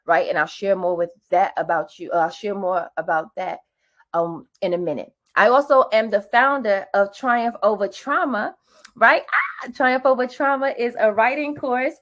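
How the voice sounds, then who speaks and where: A woman hosts a lively webinar, talking in a hype, casual way full of slang and call-and-response greetings. Her mid-range voice is a bit bright and moves at normal speed, picked up over a computer mic on a video call.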